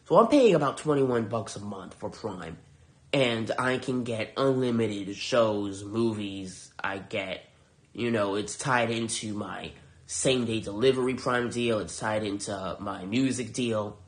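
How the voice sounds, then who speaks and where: A man's voice: fairly low pitch, a little slow. A man hosting a podcast, reviewing shows in a heated, profane, sarcastic rant. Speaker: podcast host.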